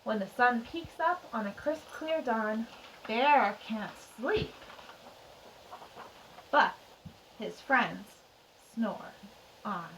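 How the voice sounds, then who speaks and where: A woman teacher reading a picture book aloud to young children, expressive and chatty with little asides. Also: on the high side, drawn-out words, pauses often, a little hiss or hum. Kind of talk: children's storytime read-aloud. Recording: distant mic.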